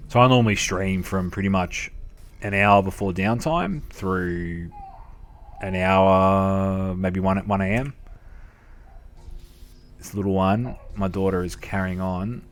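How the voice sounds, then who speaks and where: A man in his thirties from Australia, a game streamer, tells casual stories slowly in a low voice, pausing often. He swears freely and laughs through it, sounding profane and matey.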